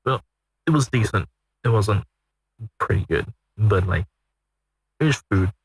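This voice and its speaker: Low husky streamer guy, rambling. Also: expressive, a little slow, no room sound, rough recording. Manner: rambling, self-correcting reactions. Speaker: streamer reacting to a video. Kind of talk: casual chat.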